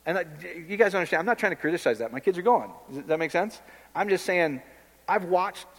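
A man preaching with blunt, impassioned conviction, talking straight to the people in front of him. His voice sits a bit higher than most men's. It rings out with a long reverb, as in a large hall. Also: animated, a little fast. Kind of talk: informal sermon.

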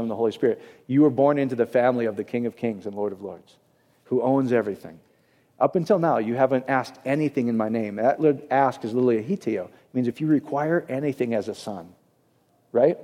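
A man's voice: medium pitch, a little fast, dark tone. A man preaching a casual, conversational sermon as a pastor, often checking in with his audience. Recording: echoey hall, long reverb.

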